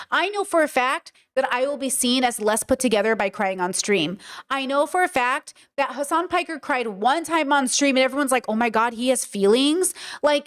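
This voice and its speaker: Outspoken woman streamer, emphatic and profane. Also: high-pitched. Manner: emphatic and repetitive, frequent "like" and swearing. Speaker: streamer and podcast host. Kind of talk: casual commentary on a livestream.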